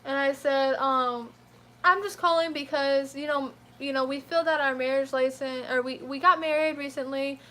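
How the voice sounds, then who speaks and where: A young woman telling a profane, animated story in a casual storytime rant. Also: sits high. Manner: profane, animated, quick to flare up. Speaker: vlogger.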